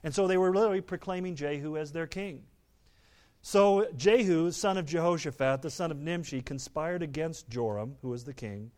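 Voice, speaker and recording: A man preaching a sermon, reading scripture aloud and explaining it, turning dramatic and loud on the quoted speech. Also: a little high, moderate pace.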